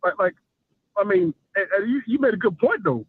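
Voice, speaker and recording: High-voiced man on a tinny phone line. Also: huge pitch swings, brisk, creaky, husky, dry recording. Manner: loose and joking, lots of filler phrases. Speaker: caller. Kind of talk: casual call-in chat.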